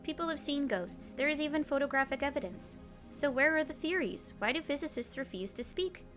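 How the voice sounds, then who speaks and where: A woman's voice: high voice, expressive, fairly quick, a bit bright, faint music behind, voice pushed up. A woman voicing a theatrical young male mad scientist in a visual novel. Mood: arguing. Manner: theatrical, grandiose. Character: eccentric self-styled mad scientist, young man.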